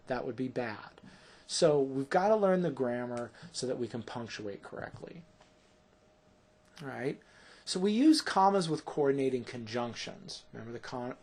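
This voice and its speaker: A man teaching a grammar lesson, explaining patiently and checking in with "right?" after each point. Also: mid-range voice.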